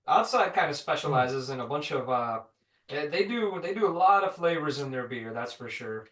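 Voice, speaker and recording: A man's voice: a little high, animated, normal speed, fairly bright tone. A man from Michigan chatting as a podcast guest in a joking, wisecracking manner. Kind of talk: casual chat. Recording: roomy, distant mic.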